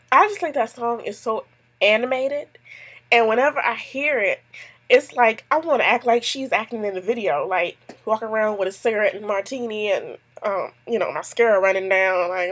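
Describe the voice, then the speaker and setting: Woman vlogger, casual chat, digressive storyteller, mid pitch. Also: normal speed, fairly bright tone, husky. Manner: chatty, tells stories with lots of asides. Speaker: YouTube vlogger answering a tag; mother.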